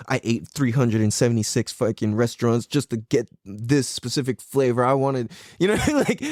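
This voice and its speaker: Talking a little fast with hardly any pauses, this male podcast host has a mid-range voice with a darkish tone. He's casual and comic, laughing a lot and doing his relatives' voices. It's a dry, studio-quality recording.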